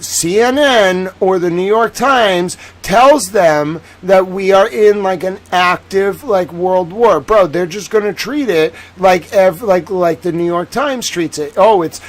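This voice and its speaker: A man's voice: high voice, low-quality recording. A man hosting a livestream, giving agitated, ranting commentary on the news. He swears and fills his talk with "like.".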